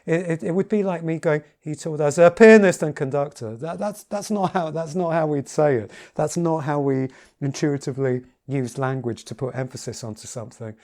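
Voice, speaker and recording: A man giving a casual piano lesson, talking in a halting way with many repeated words and fillers. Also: a little high, warm tone. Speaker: piano teacher. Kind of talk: casual spoken tutorial. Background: piano playing between remarks.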